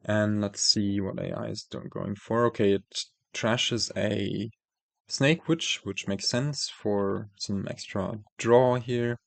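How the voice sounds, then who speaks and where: Gravelly-voiced man thinking aloud slowly. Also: lowish voice, steady tone, no echo. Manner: thinking aloud, many fillers and self-corrections. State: losing his voice. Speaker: host playing a card game. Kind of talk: casual gameplay commentary.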